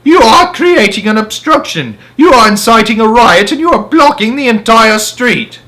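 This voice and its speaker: A man's voice: very high-pitched, expressive, moderate pace, pitched above the performer's own voice, exaggerated voice. A man voicing a large, angry male policeman who bellows his accusations. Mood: furious. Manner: loud, shouting, blustering.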